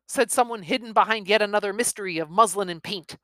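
A woman reading a story aloud in a soft, expressive voice that often drops into a whisper. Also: medium pitch, fast talker, dry recording. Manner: soft, partly whispered delivery.

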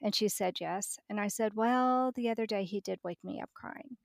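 A woman's voice: mid-range voice, normal speed, vocal fry, no room sound, studio quality. A middle-aged woman, a podcast guest, telling a personal story vividly and acting out the dialogue.

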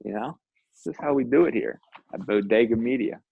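A man's voice: mid-range voice, a little fast, creaky, slightly rough. A man co-hosting a podcast in casual chat, laid-back and joking, saying "dude" a lot, on dull lo-fi audio. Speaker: podcast co-host.

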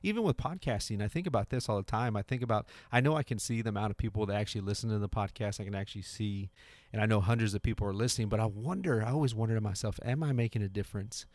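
A fairly low-pitched, slightly mellow man races through a casual motivational monologue, recorded with no echo. He's a podcast host in his thirties working from his home garage, earnest in manner, repeating himself and restarting often.

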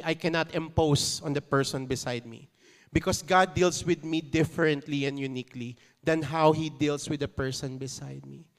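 A man with a Filipino accent delivers a sermon in a relaxed, talky manner, slipping in light jokes. His voice is smooth and clear, sitting a bit higher than most men's. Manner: conversational, mixing in playful asides and chuckles. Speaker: pastor.

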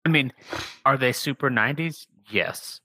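A man's voice: mid-range voice, moderate pace, sharp tone, no room sound. A man in a casual chat, sarcastic and teasing.

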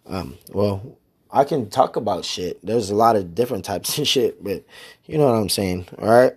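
A man's voice: fairly low pitch, lively intonation, normal speed, a little mellow, breathy edge. A man hosting his own podcast alone, talking in a laid-back, rambling way full of slang and swearing. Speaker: podcast host. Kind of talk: casual solo podcast chat.

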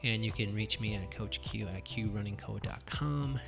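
A man's voice: on the low side, normal speed, creaky, over music. A man hosting a podcast as a running coach, who talks casually with a lot of fillers and jokes. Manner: rambling, fillers, joking. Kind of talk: casual interview chat.

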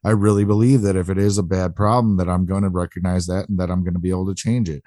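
A man's voice: low-pitched, level tone, fast talker, dark tone, no echo, clean studio sound. A man co-hosting a podcast, talking earnestly and reflectively about his own recovery. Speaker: podcast co-host. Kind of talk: conversational interview.

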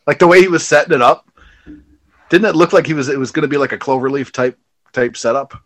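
A man casually chatting as a podcast co-host, laughing often and acting out quotes in a high, shouted voice. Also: fairly quick, dry recording. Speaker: podcast co-host reviewing wrestling. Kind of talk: casual chat.

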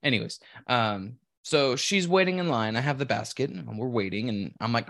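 A man's voice: medium pitch, brisk, creaky, hardly any pauses, fairly bright tone, no room sound, studio quality. A man co-hosting a podcast, rambling through a story in casual, profane and self-deprecating chat. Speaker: podcast co-host.

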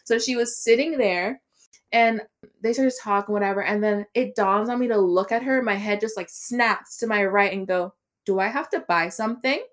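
A woman's voice: mid-range voice, moderate pace. Young woman telling a story with swears. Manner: animated storytelling with swearing and laughter. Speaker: podcast co-host. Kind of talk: casual chat.

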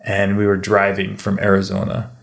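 Man, casual chat, animated storyteller, gravelly voice, echoey room. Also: sits low, moderate pace. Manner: animated storyteller, slips into mimicked accents.

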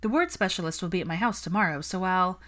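A woman's voice: on the low side, quick pace, fairly bright tone, lightly acted. Brief: woman playing a guarded young healer, short clipped answers. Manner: terse, defensive.

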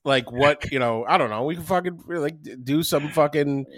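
Profane excitable man, dry mic. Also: a little high, moderate pace, no room sound. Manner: profane, excitable, swears constantly. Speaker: podcast co-host. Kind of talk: casual chat.

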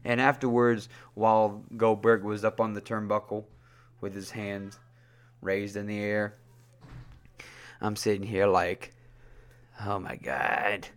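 A man's voice: level tone, a little slow, long pauses, smooth. A man hosting a casual wrestling review podcast, rambling with many fillers and getting worked up. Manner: rambling, filler-heavy, gets worked up with high-pitched outbursts. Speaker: podcast host.

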